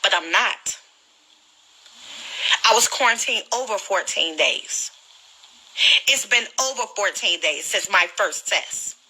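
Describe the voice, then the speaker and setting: A woman with a very bright, cutting voice talks into her phone on a livestream. She sounds earnest and pleading, and she is fighting back tears. Her delivery is direct and personal, like she is talking to friends. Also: medium pitch, expressive, a little slow, husky, poor audio. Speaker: livestreamer sharing her illness experience. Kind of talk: emotional direct-to-camera livestream.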